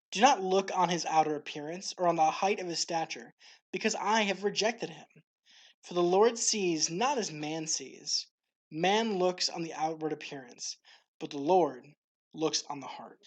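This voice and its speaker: Her voice a little low, a woman who hosts a faith series reads her devotional narration from a script. The delivery stays clear and steady the whole way.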